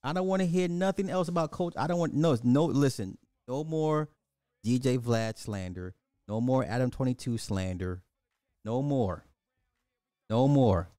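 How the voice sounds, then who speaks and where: Ranting middle-aged man with a dark voice. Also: mid-range voice, lively intonation, moderate pace, no room sound, clean studio sound. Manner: ranting, blunt and profane, repeats himself for emphasis. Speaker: livestream host. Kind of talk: casual livestream commentary.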